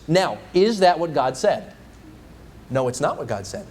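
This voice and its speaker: Male evangelist, sermon; slightly high, animated, questioning. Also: moderate pace. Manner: animated preaching with rhetorical questions. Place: church.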